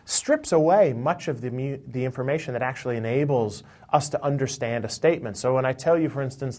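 A man's voice: medium pitch, brisk, hardly any pauses, a little mellow. A man, a professor who is a guest on a radio show, explaining his research thoughtfully with everyday examples. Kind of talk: explanatory interview talk. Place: in Chicago.

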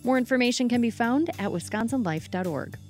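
A woman host and producer introducing and closing a public radio segment in a measured announcing style. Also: on the high side, lively intonation, soft background music.

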